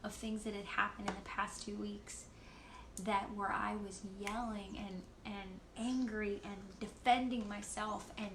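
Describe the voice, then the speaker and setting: A woman leading worship on a livestream, sharing a personal testimony in a candid, halting way with frequent laughs. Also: mid-range voice, little pitch movement, noisy background. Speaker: worship leader. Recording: roomy echo with loud guitar. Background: guitar music.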